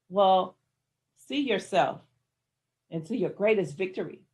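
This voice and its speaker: A woman giving a motivational talk, building emphatic repeated phrases that swing from soft to loud. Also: mid-range voice. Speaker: motivational speaker.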